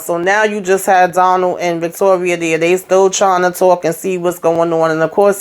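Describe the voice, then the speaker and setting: A woman's voice: fairly low pitch, clear, resonant tone. A woman hosting her own show, casually recapping a TV episode by retelling the characters' lines, with wry, sarcastic asides. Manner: chatty retelling full of quoted dialogue and asides.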